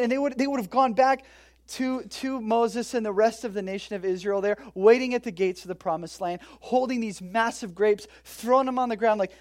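A pastor giving a casual, joking sermon, retelling a bible story with loud bursts and quiet asides. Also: mid-range voice, normal speed. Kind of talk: conversational sermon.

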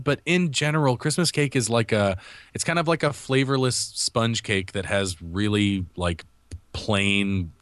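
A young man chatting on a podcast in a somewhat low voice. He rambles, restarting and correcting himself as he goes. The sound is dry and close, with no room echo. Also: fairly bright tone. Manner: rambling, self-correcting storyteller. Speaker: podcast co-host. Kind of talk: casual chat. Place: living in Japan.

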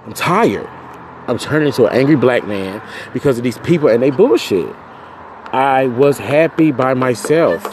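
A man hosting a podcast, ranting angrily and profanely, swinging from low muttering to loud outbursts. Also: expressive, moderate pace, slight background noise. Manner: profane, venting, swings between muttering and shouting. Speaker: podcast host. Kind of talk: angry solo podcast rant.

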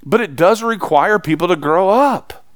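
A man preaching a sermon as pastor, swinging from loud, emphatic lines to low, confiding asides. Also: animated, moderate pace, no room sound, clean studio sound.

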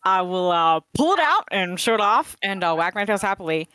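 A woman plays her character at the table with a playful, giggly manner. Her voice leaps around in pitch with plenty of life. It is recorded close and dry. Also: sing-song, brisk, a bit bright, dry recording. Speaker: player. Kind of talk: playing a character in a tabletop game.

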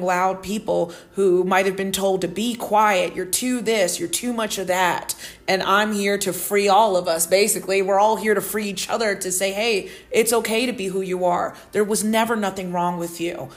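A woman hosting a solo podcast, talking earnestly in a rambling way with many fillers, emotional and tearing up while she laughs. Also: medium pitch. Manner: emotional, tearful and laughing at once. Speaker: podcast host.

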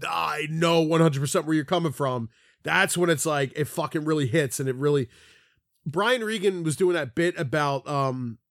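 A man talks in a loose, rambling way, full of "like" and casual swearing. His voice sits high for a man. The sound is dry and close, with no room echo. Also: moderate pace, a bit bright. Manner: rambling, swears freely, heavy use of "like". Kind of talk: casual chat.

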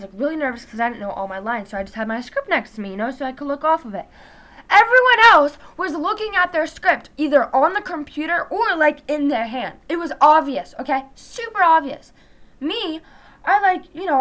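With a slightly high, fairly bright voice, a teenage vlogger chats in a loose, wandering way, using "like" as filler again and again.

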